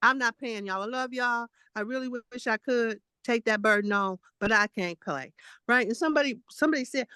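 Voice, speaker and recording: A woman in her late sixties, appearing as a guest spiritual teacher, offers a casual testimony that's blunt and emphatic, full of repetition and fussing at her listeners. She speaks a little fast, her voice on the high side with a sharp yet smooth tone, and there's no room sound.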